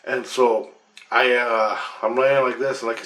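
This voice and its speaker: A man's voice: medium pitch, flat delivery, unhurried, fairly bright tone. Swearing man telling a story in an echoey room. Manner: emphatic and swearing, with restarts. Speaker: vlogger recounting a past-life recall. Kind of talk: casual first-person storytelling. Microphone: computer webcam. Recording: roomy echo.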